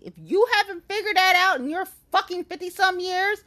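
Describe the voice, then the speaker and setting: In an extremely high, pushed, bright voice, a woman rants angrily to camera at a moderate pace with hardly any pauses. Addressing her viewers directly, she is blunt, profane, heated, and emphatic.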